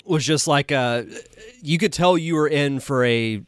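A man's voice: on the high side, measured pace, clear, resonant tone. A man hosting a podcast, chatting casually and enthusiastically, laughing as he retells scenes. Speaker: podcast host.

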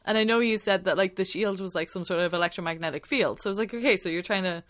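A woman's voice: medium pitch, quick pace. A woman co-hosting a casual movie review podcast, rambling with lots of "like" and swearing when annoyed. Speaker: podcast co-host.

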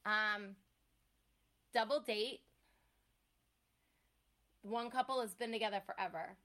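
A woman's voice: mid-range voice, slow. A young woman co-hosting a casual chat, retelling a movie plot with lots of swearing and acted-out lines. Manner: profane, animated storyteller acting out scenes.

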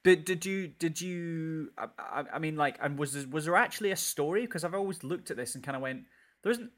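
A man's voice: on the high side, fairly quick, a bit bright. A man hosting a casual podcast chat about upcoming shows, rambling and hunting for words. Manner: rambling, searches for words with many fillers. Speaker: podcast host. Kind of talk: casual entertainment news chat.

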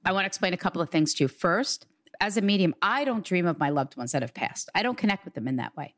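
A woman's voice: lowish voice, lively intonation, quick pace, dry recording, clean studio sound. A woman working as a psychic medium, giving an earnest, reassuring reading in conversation. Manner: earnest, reassuring, relays quotes in a raised voice.

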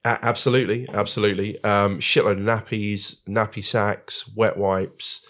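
A man co-hosting a casual podcast chat, with dry, deadpan humour. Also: on the low side, moderate pace. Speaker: podcast co-host, father.

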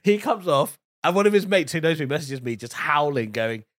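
A man co-hosting a comedy podcast, telling stand-up stories in a playful, quick, joking way. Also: a little high, expressive, fairly bright tone. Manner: playful, laughing, quick asides. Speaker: podcast co-host. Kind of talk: casual comic storytelling.

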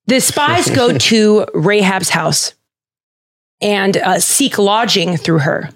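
A woman hosting a podcast, retelling a story in a casual, playful and animated way, with jokes and restarts. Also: mid-range voice, slow pace. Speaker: podcast host.

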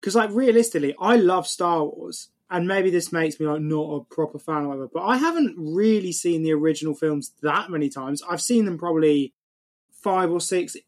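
A man co-hosting a podcast in casual chat. He talks in an animated way, swears freely and quotes film lines. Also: a little high, fairly quick. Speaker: podcast co-host.

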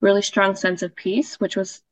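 A woman's voice: mid-range voice, level tone, moderate pace. A woman casually telling a personal story as a podcast guest, chatty, with fillers and laughs.

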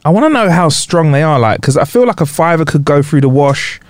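A man's voice: on the high side, animated, a little fast, dry recording. Man, podcast co-host, playful riffing, dry close sound. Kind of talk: casual chat.

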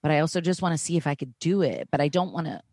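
A young woman chats on a podcast in a low, grounded voice. She is loose and self-deprecating and swears offhand. The sound is close and dry. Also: very fast, a little mellow, no room sound. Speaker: podcast co-host. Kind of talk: casual chat.

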